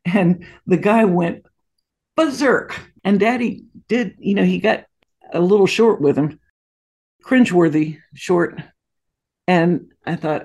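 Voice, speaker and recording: A woman's voice: on the low side, slow pace, pauses often. A woman in her sixties, a guest in an interview, telling family stories anecdotally with frequent asides. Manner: warm anecdotal storytelling with frequent laughs and asides. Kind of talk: storytelling interview.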